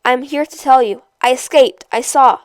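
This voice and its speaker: A woman reading aloud as a weary, frail, half-blind old man who speaks quietly and flatly. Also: high voice, normal speed, clear, resonant tone, no echo, natural voice. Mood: grim. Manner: quiet, flat, tired delivery.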